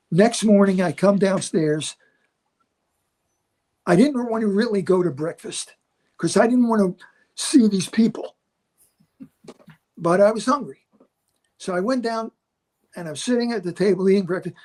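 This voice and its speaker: A man's voice: sits high, darkish tone. Older man telling comedy stories. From Philadelphia area. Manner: acts out other people in his stories. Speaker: stand-up comedian guest. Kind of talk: animated storytelling.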